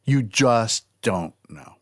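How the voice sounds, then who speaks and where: A man co-hosting a podcast, speaking earnestly with halting restarts. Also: fairly low pitch, expressive, dry recording, studio quality. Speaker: podcast co-host. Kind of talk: casual chat.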